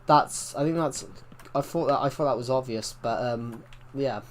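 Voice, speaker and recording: A man's voice: mid-range voice, moderate pace, slight background noise. A young British man chatting casually while live-streaming a game and reading out viewer comments, rambling with restarts and mild swearing. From Britain.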